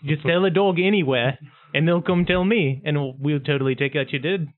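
High-voiced man in a put-on Kiwi accent. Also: brisk, no room sound. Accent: New Zealand (put on). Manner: jokey, laughing often. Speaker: player. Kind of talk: playing a tabletop game in character. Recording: tinny phone-like line.

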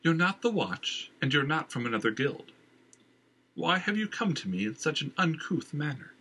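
A man reading an audiobook, voicing a cool, composed woman guild boss with a calm, purring, melodic manner. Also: a little high, normal speed, slightly rough, pitched above the performer's own voice, exaggerated voice. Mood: coolly taunting.

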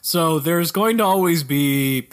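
A man's voice: fairly high pitch, animated. Man joking through casual game chat. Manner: joking, quick banter. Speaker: podcast co-host.

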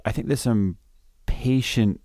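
A man co-hosting a casual podcast chat on clinical practice, measured and agreeable as he thinks aloud. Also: mid-range voice, mellow, no echo, clean studio sound. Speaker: anesthesiologist podcast co-host.

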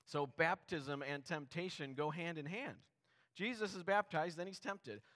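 A man's voice: on the high side, measured pace, a bit bright. A man preaching a sermon as pastor, talking earnestly and conversationally, with many rhetorical questions to the congregation.

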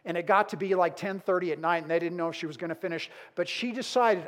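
A middle-aged male pastor preaching a sermon, dramatic and storytelling, moving between emphatic build-ups and hushed moments. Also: sits high, fairly quick, hardly any pauses.

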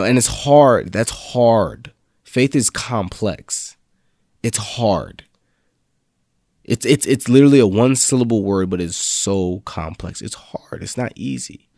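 A man's voice: mid-range voice, vocal fry, mellow, dry recording, clean studio sound. A young man giving a casual, slangy faith talk that builds into fervent spoken confessions. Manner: laid-back slangy preaching, rising to fervent confessions. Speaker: faith vlog host.

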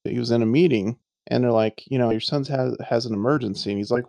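Male co-host, gravelly low-key storyteller, swears and mimics people in his anecdotes. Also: fast talker, hardly any pauses, warm tone, no echo. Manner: swearing, laughing, acts out quoted voices. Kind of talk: casual storytelling chat.

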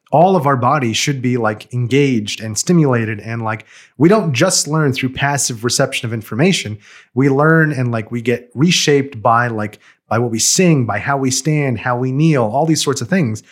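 A man chats in an easygoing, quick way, scattering "like" and "um" through his sentences as he works out his points. His voice sits at a middling pitch. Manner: quick, filler-heavy speech with many "like"s. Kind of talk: casual chat.

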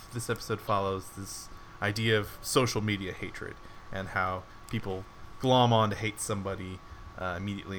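Rambling man with a bright voice. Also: on the low side, slight background noise. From United States. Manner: rambling, many "like"s, laughs often. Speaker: podcast co-host. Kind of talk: casual review chat.

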